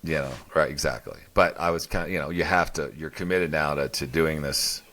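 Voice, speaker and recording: A man's voice: very deep voice, brisk, a bit bright. A middle-aged man co-hosting a casual conversation, rambling with many restarts and fillers. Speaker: podcast co-host.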